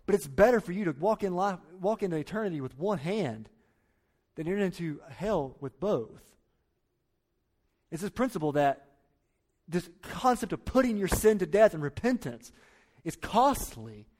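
A man's voice: lively intonation, normal speed, long pauses. Emphatic man preaching a sermon. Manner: emphatic, repeats key phrases, drops to low quiet lines. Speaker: pastor.

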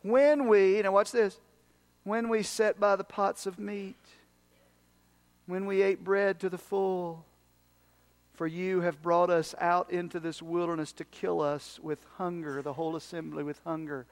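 Preacher, man, fairly high voice, dramatic sermon delivery with sudden hushed asides and shifting pace. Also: little pitch movement. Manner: dramatic swings from loud emphasis to hushed, near-whispered asides; speeds up and slows down for emphasis. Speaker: pastor.

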